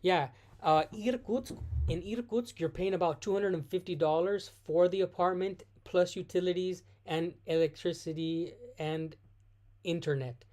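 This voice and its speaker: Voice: mid-range voice, fairly even intonation, normal speed, darkish tone. A vlogger hosting a live stream, reading viewer questions aloud and answering off the cuff in casual talk, often stopping to correct themselves mid-sentence. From United States.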